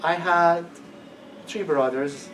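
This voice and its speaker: Man, middle-aged, lively storyteller, voices the people he quotes, heard from across the room. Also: fairly high pitch, slow, faint music behind. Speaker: guest speaker at a class. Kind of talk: personal testimony talk. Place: classroom. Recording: distant mic with faint room noise.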